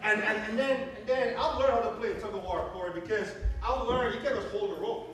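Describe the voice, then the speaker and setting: A man preaching a call-and-response sermon, animated, stopping so the congregation fills in the words. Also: high voice, a little fast. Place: church sanctuary with congregation. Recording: echoey church from far off, crowd.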